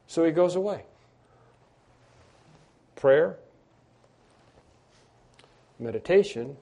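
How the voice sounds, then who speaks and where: Earnest, mellow-voiced male preacher. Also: fairly high pitch, animated, a little slow. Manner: earnest storytelling, swings between hushed and emphatic; repeats and restarts words. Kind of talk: sermon.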